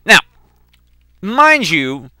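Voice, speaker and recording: A young man with a very bright, crisp voice tells rambling stories while he plays, swearing freely as he goes. His pitch sits a bit high and swings widely, and the sound is dry and close. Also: drawn-out words, no echo. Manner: animated, profane, rambling anecdotes. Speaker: let's play gamer. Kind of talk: casual storytelling while gaming.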